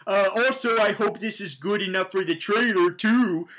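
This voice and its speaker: A man voicing a showy middle-aged police detective in a hammy, shouty parody. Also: high voice, normal speed, rough recording. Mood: smug.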